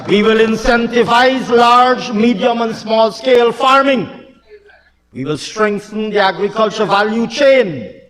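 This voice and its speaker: A man's voice: high-pitched, measured pace, fairly bright tone, in a large hall. A Guyanese man, a government minister, giving an emphatic parliamentary budget speech in a chamber. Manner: emphatic, declamatory, addresses the Speaker.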